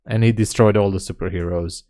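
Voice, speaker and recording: A man hosting a live day trading stream, talking casually and reading chat messages aloud as he thinks out loud. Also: on the low side, steady tone, a little fast. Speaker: day trading livestream host.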